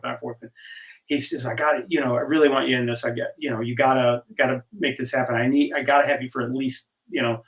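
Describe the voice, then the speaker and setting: A middle-aged man guesting on a video call, easygoing and chatty, acting out bits of old conversations as he recounts them. His voice comes across from a bit back from the mic, with a mid-range pitch. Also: fairly bright tone, far from the mic, rough recording. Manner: easygoing storyteller, acts out dialogue. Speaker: actor guest. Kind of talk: casual interview chat.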